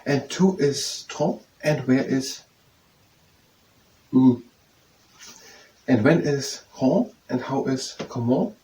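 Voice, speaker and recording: A man reading aloud from a study text and practicing phrases, slow and hesitant, repeating words to get them right. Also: medium pitch, warm tone. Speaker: self-study video host. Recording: roomy echo from a distant mic with faint noise.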